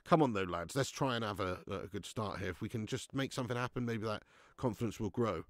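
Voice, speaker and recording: This young man's voice sits on the low side and moves briskly, with no room sound at all. Hosting a live football watch-along, he alternates between dejected mumbling and ranting, swearing outbursts as a fan.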